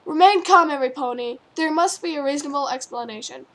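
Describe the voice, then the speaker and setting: Woman doing a loud, formal pony mayor. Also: high-pitched, quick pace. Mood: calming. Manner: loud, announcing.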